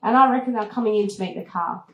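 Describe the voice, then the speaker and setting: Female travel host telling a story live, lively and laughing, medium pitch, echoey room. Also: fast, lo-fi sound, a little hiss or hum. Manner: lively, laughs often, acts out moments with high squeals. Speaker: travel TV host giving a talk. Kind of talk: animated storytelling to an audience. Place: event room at a retreat. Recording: roomy echoing hall.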